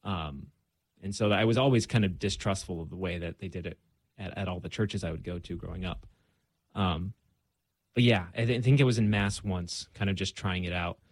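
A man's voice: low-pitched, brisk, no echo. A young man speaking as a guest in a casual conversation, earnest and reflective, with frequent fillers.

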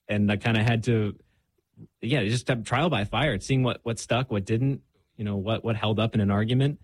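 A man's voice: lowish voice, moderate pace, no room sound. A young man telling his own faith story in a candid, self-deprecating way, full of fillers and restarts. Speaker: guest. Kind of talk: casual faith conversation.

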